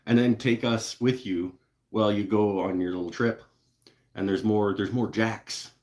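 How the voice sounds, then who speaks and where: Deep-voiced guy hosting a woodworking livestream, laid back, rambles and swears a bit. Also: fairly even intonation, a little slow, darkish tone. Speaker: woodworking channel host. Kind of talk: casual live-stream chat.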